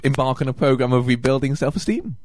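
A man's voice: medium pitch, animated, quick pace, a little mellow. A man co-hosting a casual comedic chat, making wry interjections with frequent restarts. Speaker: podcast co-host.

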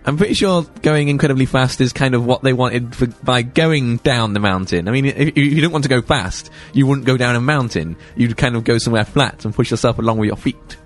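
A man hosts a casual radio chat show from a studio. He talks fast and chatty, often tripping over his words and restarting. His pitch sits at an ordinary middle level. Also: soft background music. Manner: chatty, quick, stumbling restarts.

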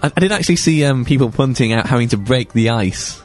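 A man hosting a radio show, chatting casually and quickly with stumbling restarts, in a radio studio. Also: mid-range voice, expressive, darkish tone, faint music behind.

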